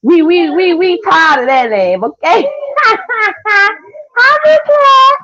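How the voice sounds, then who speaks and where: A young woman, chatting casually with viewers on a livestream in a sassy, trash-talking way with loud cackling laughs. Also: very high voice, sing-song, slow pace, noisy background. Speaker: livestream host. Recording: dull lo-fi stream audio.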